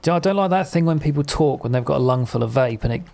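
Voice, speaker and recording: A man's voice: a little high, animated, racing, creaky, a little mellow. A man streaming a game, chatting with viewers in a rambling, sweary, jokey way. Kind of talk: casual live-stream chat while gaming.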